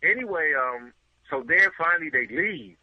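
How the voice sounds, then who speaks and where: Animated high-voiced storyteller man. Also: moderate pace, slightly rough, dry recording, phone-quality sound. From Los Angeles. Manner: vivid, swearing, acts out quotes, checks in with "right?". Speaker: music promoter, interview guest.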